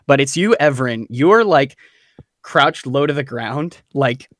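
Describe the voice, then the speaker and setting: A man's voice: medium pitch, animated, a little slow, a bit bright, no echo, clean studio sound. Man running a tabletop game. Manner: loose, filler-heavy narration. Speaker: game master.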